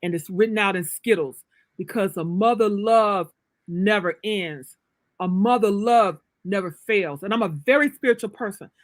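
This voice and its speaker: A woman's voice: mid-range voice, normal speed, no echo. An author talks in an emphatic, preacherly rhythm, rising and falling as she builds her points. She is a woman with a mid-range voice. The recording is close and dry with no room sound. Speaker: author, guest. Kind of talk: casual livestream interview.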